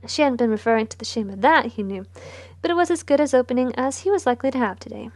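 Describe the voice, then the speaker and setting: A woman narrating a historical romance aloud, her voice soft and sometimes dropping to a whisper. She sits a little higher in pitch than most women. The sound is close and dry with no room. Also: lively intonation, fast talker, no echo. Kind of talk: novel read aloud.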